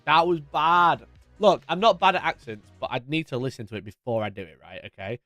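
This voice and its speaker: A man's voice: on the high side, animated, moderate pace, bright, forceful tone, soft background music. A man hosting a live stream, chatting casually and jokingly greeting viewers by name as he reads their messages. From United Kingdom.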